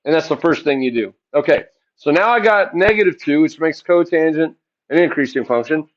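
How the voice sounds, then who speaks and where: A man teaching a math lesson, asking the class questions and answering them himself in a relaxed, chatty way. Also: on the high side, fairly quick, muffled recording. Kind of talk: classroom lecture.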